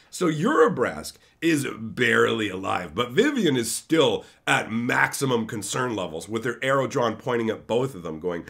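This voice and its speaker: Man, lore host, casual storytelling, animated intonation, higher-pitched voice. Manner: conversational, frequent tag questions. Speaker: fantasy lore channel host.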